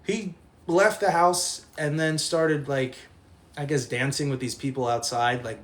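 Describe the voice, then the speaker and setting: A young man with a medium-pitched voice tells a live stream chat a long story from his college days. He's animated and profane, laughing throughout.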